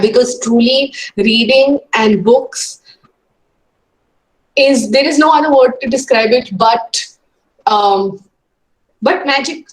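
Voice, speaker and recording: Earnest, higher-voiced woman speaker. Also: low-quality recording. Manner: earnest, encouraging, many hesitations. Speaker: guest speaker. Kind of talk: webinar talk to students. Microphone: video call.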